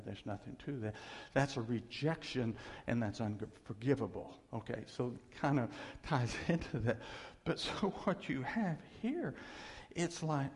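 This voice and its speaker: A male preacher delivering a sermon, swinging from loud emphasis to hushed near-whispers and acting out quoted voices. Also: medium pitch. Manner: acts out voices of doubters and God in quotes. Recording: long hall reverb.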